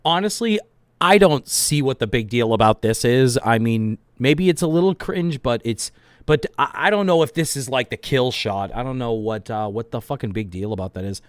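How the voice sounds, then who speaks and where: Male commentator, mid-pitched, casual and profane, dry close mic. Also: expressive, moderate pace, no echo.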